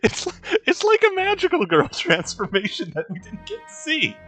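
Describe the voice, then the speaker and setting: A man's voice: very high-pitched, wildly swooping pitch, normal speed, sharp tone, soft background music. A man giving casual, joking commentary over a video game playthrough, laughing often. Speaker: let's play host.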